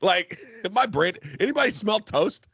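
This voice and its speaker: Young male co-host, bright forceful voice, swinging pitch, crude mocking rants, dry dull recording. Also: lively intonation, a little slow, vocal fry, breathy edge, no room sound. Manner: loud, profane, mocking rants. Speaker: podcast co-host. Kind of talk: crude comedic banter.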